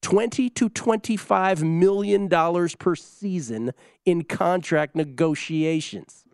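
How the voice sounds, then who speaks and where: A man's voice: sits high, slow pace, darkish tone, dry recording, clean studio sound. Upbeat male ad announcer. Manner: smooth, upbeat promotional delivery. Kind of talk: scripted ad read.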